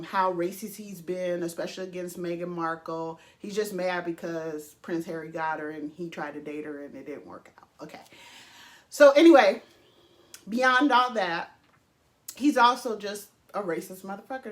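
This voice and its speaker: A woman vlogger giving casual, emphatic opinion commentary, swearing freely and pausing often with fillers. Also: fairly low pitch. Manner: emphatic, profane, with frequent pauses and fillers.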